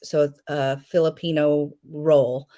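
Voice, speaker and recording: Woman, middle-aged, lowish voice, chatty, storytelling, casual interview. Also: level tone, takes it slowly, warm tone. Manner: chatty storyteller, acts out quotes, laughs often. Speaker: guest, home jam maker. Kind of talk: casual live interview chat.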